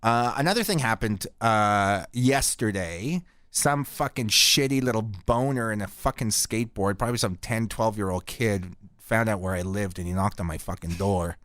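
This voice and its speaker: A middle-aged man from Canada hosting a podcast, telling rambling stories in a crude, deadpan comic way. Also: lowish voice, moderate pace, hardly any pauses, dry recording, clean studio sound. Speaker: podcast host. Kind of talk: casual profane storytelling.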